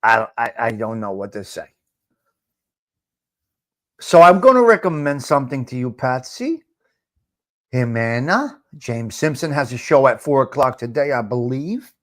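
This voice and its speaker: A man's voice: mid-range voice, big pitch swings, a little slow, pauses often, a bit bright. A middle-aged man hosting a casual live chat, teasing viewers, repeating himself and dropping Italian phrases. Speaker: livestream host.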